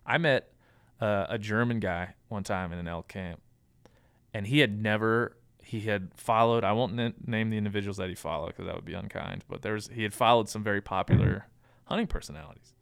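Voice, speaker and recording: A man with a lowish, clear, smooth voice talks as a podcast guest, working through his thoughts with plenty of ums and restarts. The sound is close and dry, with no room echo. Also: a little fast, fairly bright tone. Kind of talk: casual conversational advice.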